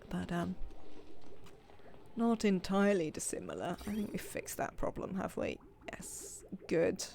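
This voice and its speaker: Gravelly, lively woman streaming a game. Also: lowish voice, measured pace, a little hiss or hum. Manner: chatty, rambling self-talk while playing. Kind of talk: live game commentary.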